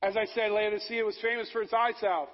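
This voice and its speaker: A man preaching a sermon, rising to loud emphasis and dropping to soft, low passages. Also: steady tone, quick pace, dull audio. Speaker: pastor.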